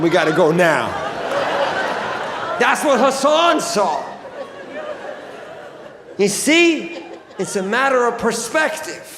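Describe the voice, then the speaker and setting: A man from Iran performing a stand-up comedy routine with loud, animated storytelling on stage before a live audience. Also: extremely high pitch, vocal fry. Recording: reverberant live venue with crowd noise.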